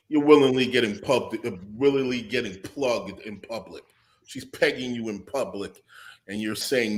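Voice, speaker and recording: A man's voice: fairly low pitch, normal speed, fairly bright tone. Profane ranting man on a podcast. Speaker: podcast co-host. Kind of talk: casual chat.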